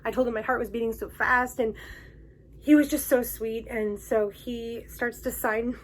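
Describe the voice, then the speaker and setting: Gushing, excited woman telling a fan story. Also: fairly high pitch, moderate pace. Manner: excited and emotional, gushing with many fillers and restarts. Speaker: vlog host. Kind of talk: casual personal storytelling to camera.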